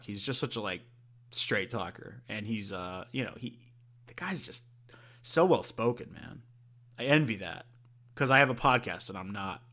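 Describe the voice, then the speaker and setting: A man's voice: medium pitch, bright, forceful tone. A man co-hosting a podcast in casual chat, rambling with many fillers and swearing freely. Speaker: podcast co-host.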